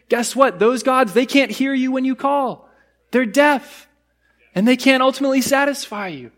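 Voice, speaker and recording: High-voiced man preaching earnestly. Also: a bit bright. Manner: earnest, emphatic preaching with slow stressed phrases; explains Hebrew words of the psalm in a teaching tone. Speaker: pastor. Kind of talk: sermon.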